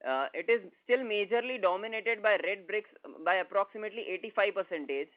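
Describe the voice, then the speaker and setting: A man, a company executive giving steady, detailed answers on an earnings call. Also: high-pitched, a little fast. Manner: steady, explanatory, with fillers. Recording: phone-like conference line.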